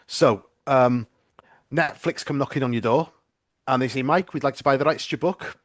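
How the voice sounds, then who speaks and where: A man's voice: mid-range voice, moderate pace, no echo, studio quality. A man hosting a podcast, asking friendly, curious questions in a casual interview. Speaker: podcast host.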